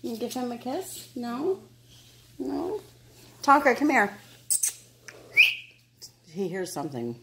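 A woman's voice: on the high side, big pitch swings, slow, long pauses, a bit bright, a little hiss or hum. A woman talking baby talk to dogs and a toddler at home, laughing often, filmed on a handheld phone. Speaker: vlogger, dog owner. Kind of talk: casual home video chat.

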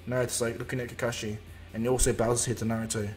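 A man's voice: medium pitch, flat delivery, racing, a little mellow, soft background music. Man casually retelling a story. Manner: rambling, with fillers and restarts. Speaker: narrator.

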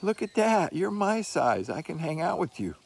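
A playful little female dog speaks in a high, slow sing-song, as a man puts her on. The voice has a gravelly edge and a lively swing in pitch. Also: heavily acted.

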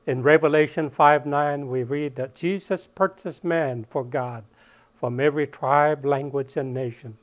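A middle-aged man from the northern Philippines, telling his story as a missionary pilot in an animated testimony to an audience, growing loud and then falling soft at the ends of lines. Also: a little high, measured pace, no room sound. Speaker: missionary pilot and Bible translator.

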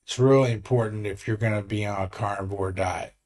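A man's voice: fairly low pitch, fairly even intonation, fairly quick, a little mellow. A man in his sixties, a vlogger telling a story in an earnest, rambling way with frequent restarts. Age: 60s. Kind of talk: casual vlog talk.

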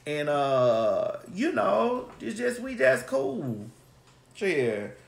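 A woman's voice: mid-range voice, big pitch swings, very slow, gravelly. A woman hosting a casual chat, telling brash, profane, rambling stories. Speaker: host. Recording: roomy echo.

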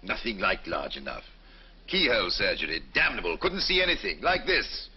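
A booming, bullying old surgeon. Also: male voice, sing-song, normal speed. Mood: lecturing. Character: blustering older male surgeon lecturing students. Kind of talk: 1950s film acting. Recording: dull old film soundtrack.

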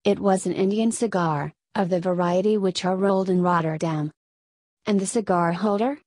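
A woman narrates a story in a steady, even audiobook reading. The recording is dry and close. Her pitch sits in a middle range. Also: normal speed, no echo.

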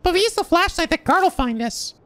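A man voicing a curious young woman exploring an abandoned school, in a light falsetto. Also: animated, brisk, fairly bright tone.

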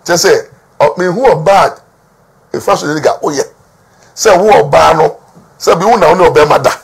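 A man with a Ghanaian accent gives emphatic gossip news commentary while talking to the camera. His voice is on the high side, gravelly and husky, at a moderate pace, and he repeats words for stress and mixes Twi with English.

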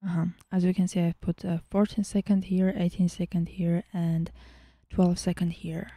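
A woman hosting a casual software tutorial, chatting as she works and often dropping into a whisper. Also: on the low side, flat delivery, moderate pace, dry recording, clean studio sound. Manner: chatty, thinking aloud, often drops to a whisper. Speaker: tutorial host.

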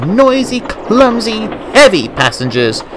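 A man's voice: high-pitched, very animated, takes it slowly, noisy background, voice pushed up, full character voice. A man voicing a pair of haughty, fussy old female railway coaches who whine and shriek their complaints. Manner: prim, whiny, shrieking complaints.

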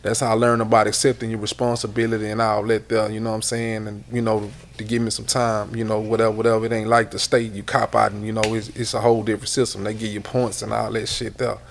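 A middle-aged man, telling stories as a guest in a casual interview, loose and animated, often repeating words. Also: lowish voice, fast talker, creaky, hardly any pauses, a little hiss or hum.

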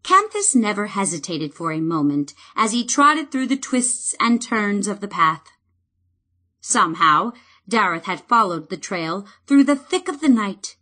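A woman narrating a fantasy novel in a measured, expressive way. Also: medium pitch. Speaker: audiobook narrator.

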